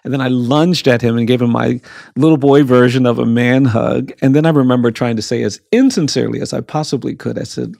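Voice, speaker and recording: Gravelly, earnest male storyteller, dry sound. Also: mid-range voice, steady tone, darkish tone, no room sound. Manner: measured, earnest, builds emphasis through repetition. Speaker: lawyer, podcast guest. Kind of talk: personal storytelling in a podcast interview.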